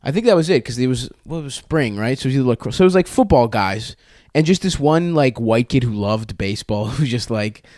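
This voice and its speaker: A man's voice: medium pitch, expressive, brisk, a little mellow, no echo, studio quality. A young man on a podcast telling a long story in a casual, rambling, profane way, often restarting his sentences. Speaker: podcast co-host.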